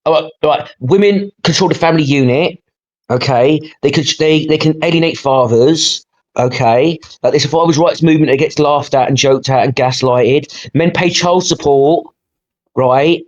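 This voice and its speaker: A man's voice: on the high side, moderate pace, dull audio. A man hosting, reacting to a clip with exasperated, sarcastic rants and frequent swearing. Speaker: podcast host. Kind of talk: heated reaction commentary.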